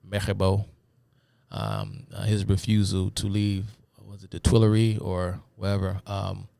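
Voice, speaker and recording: A man's voice: sits low, a little slow, creaky, mellow, clean tone, no room sound, studio quality. A man hosting a live stream, giving a rambling, casual lecture full of fillers and asides to his viewers. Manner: rambling, many fillers, addresses viewers as y'all. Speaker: host of a live talk stream.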